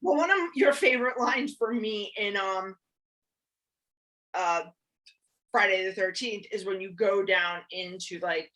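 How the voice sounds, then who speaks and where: A woman's voice: mid-range voice, a little slow, long pauses, a bit bright. A woman co-hosting a podcast, chatting casually and joking as she acts out quotes. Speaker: podcast co-host.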